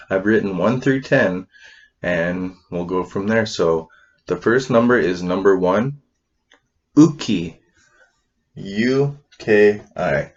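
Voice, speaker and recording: A man teaching a language class, patiently spelling out and repeating each word three times for learners to follow. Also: sits low. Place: classroom with a board. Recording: dull lo-fi sound.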